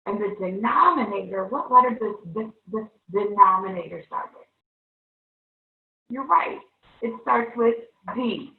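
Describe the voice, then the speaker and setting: A woman's voice: medium pitch, animated, measured pace, gravelly. A woman teaching a televised math lesson to young students, upbeat and coaxing, constantly checking in with the class. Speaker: third-grade teacher. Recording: echoey room, far-off, thin phone-like sound.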